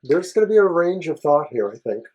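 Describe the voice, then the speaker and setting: A man co-hosting a tarot reading show, talking through the cards in a measured, thoughtful way. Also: a little high, big pitch swings, a little mellow, muffled recording. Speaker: co-host tarot reader. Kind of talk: casual tarot reading chat.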